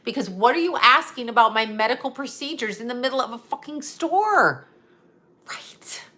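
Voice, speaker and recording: A woman's voice: on the high side, expressive, normal speed, pushed and bright. A woman who works as a psychic medium, chatting casually on a livestream, reading viewer comments aloud and answering them in a blunt, profane, rambling way.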